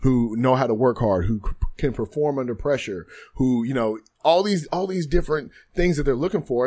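A man's voice: mid-range voice, fairly quick, few pauses, warm tone. A man in his thirties, a guest in a podcast studio, speaking candidly and reflectively about his life, often repeating phrases. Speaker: guest, former football player. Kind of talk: candid interview storytelling.

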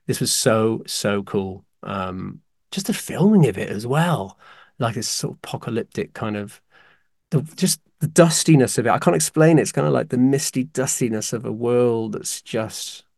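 A man co-hosting a casual podcast, excitedly ranking favourite films with dramatic apologies along the way. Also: medium pitch, gravelly, no echo, clean studio sound. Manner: animated, excitable, apologetic asides. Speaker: podcast co-host.

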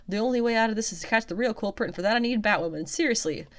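A woman's voice: a little high, racing, pitched above the performer's own voice, natural voice. Woman putting on a sassy Harley Quinn. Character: brash wisecracking female cartoon antihero.

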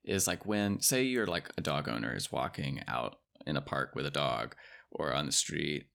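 A man's voice: low-pitched, vocal fry, a bit bright. A man co-hosting a casual conversation podcast, talking in a thoughtful, musing way with many hedges. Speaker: podcast co-host.

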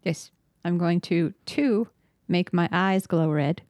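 A woman's voice: on the low side, slow pace, darkish tone, no echo, studio quality. A woman playing a tabletop game, talking playfully and laughing often. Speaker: player.

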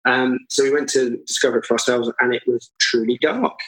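Relaxed man chatting about art projects. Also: mid-range voice, brisk, low-quality recording. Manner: laid-back, chuckles, jumps in with asides. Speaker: artist guest. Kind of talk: casual podcast conversation.

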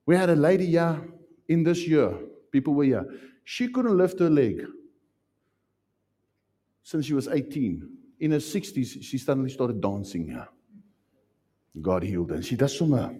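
Animated husky-voiced male preacher. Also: on the high side, normal speed, long pauses. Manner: animated, acts out voices, laughs often. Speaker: pastor. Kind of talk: sermon.

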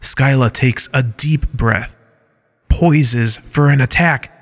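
Male narrator for a scripted audio story, mid pitch, unhurried, long reverb. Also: fairly bright tone. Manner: measured, reads stage directions aloud.

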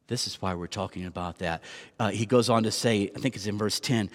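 A man's voice: lowish voice, moderate pace. A man preaching a sermon as pastor, in a conversational, self-deprecating way with rhetorical questions. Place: church sanctuary. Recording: long church hall reverb.

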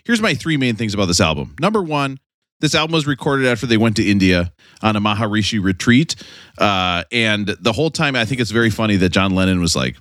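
A man hosting a podcast in a loose, joking way, with a bright voice that swoops up and down as he talks. He laughs often between his lines. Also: fairly low pitch, expressive, a little fast, no room sound, clean studio sound. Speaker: podcast host. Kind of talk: casual podcast banter.

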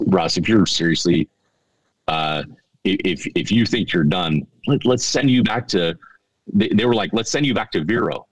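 A middle-aged man telling a story on a podcast in a halting, earnest way, often repeating his words. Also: deep voice, dry recording, poor audio. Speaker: podcast guest. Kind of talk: casual storytelling.

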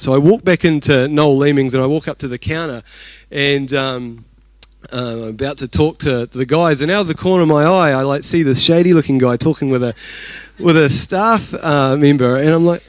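A man's voice: a little high, no room sound. A man with a New Zealand accent preaching a sermon, telling a personal story in a chatty, self-deprecating way. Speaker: pastor.

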